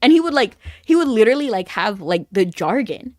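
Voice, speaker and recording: A chatty woman streamer talks casually to her viewers while she plays a game, her slightly high voice rising and falling in a very lively way. She rambles through stories and laughs often. The sound is close and dry, with almost no room echo. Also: a little fast. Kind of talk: casual chat while playing an online game.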